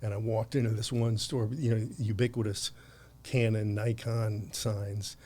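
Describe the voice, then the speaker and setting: A man's voice: lowish voice, little pitch movement, unhurried, dark tone. Laughing, rambling man in his sixties. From United States. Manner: rambling storyteller, frequent laughs and restarts. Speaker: podcast guest, photographer. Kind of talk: conversational anecdote.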